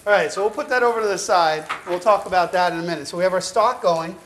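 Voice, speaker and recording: A man's voice: sits high, quick pace, fairly bright tone, slight background noise, poor audio. A man hosting a cooking show, giving upbeat, chatty step-by-step instructions with an encouraging, teasing manner. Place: show kitchen at the stove.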